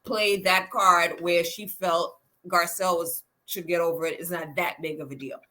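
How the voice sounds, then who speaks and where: A woman co-hosting a casual reality TV recap chat, animated, acting out quotes as she talks. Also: lowish voice, normal speed. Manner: animated, acts out quotes, lots of "like" and "yeah". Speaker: co-host.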